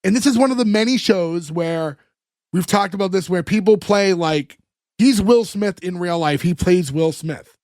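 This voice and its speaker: A man's voice: high voice, moderate pace, a little mellow, no room sound, studio quality. A man co-hosting a podcast, casually retelling a sitcom episode scene by scene with fillers and small chuckles. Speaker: podcast co-host. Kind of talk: casual chat recapping an episode.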